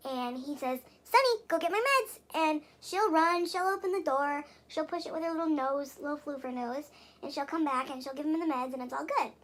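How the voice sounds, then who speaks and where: Young adult woman vlogger, high pitch, exasperated rambling rant. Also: a little fast. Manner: rambling and exasperated, with frequent swearing and fillers. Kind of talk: casual venting vlog.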